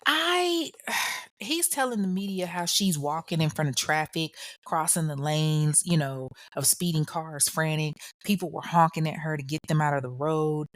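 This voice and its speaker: A woman with a notably low voice hosts a true crime podcast, recounting events in a casual, slangy way. She talks straight to the listener as if chatting with a friend. Her voice sits close and dry on the mic, with no room sound. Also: normal speed, dry recording. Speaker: podcast host.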